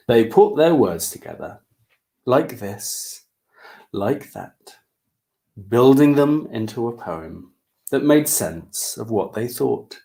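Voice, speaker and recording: Slow, animated storytime man. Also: mid-range voice, gravelly. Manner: animated, inviting children to join in. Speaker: author reading his picture book. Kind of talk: reading aloud to young children.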